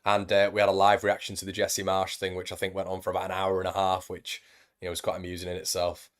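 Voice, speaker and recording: A man's voice: low voice, completely flat delivery, fast talker. A young man hosting a football fan live stream, chatting casually and reading out viewer comments, calling everyone mate and buddy. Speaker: football fan channel host.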